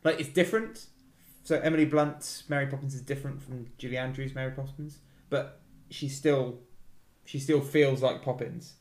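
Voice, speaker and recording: A man's voice: mid-range voice, steady tone, darkish tone. A man in his thirties hosting a casual film podcast, joking and teasing between opinions. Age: 30s. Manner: wry, teasing, quick asides. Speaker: podcast host. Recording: roomy echo.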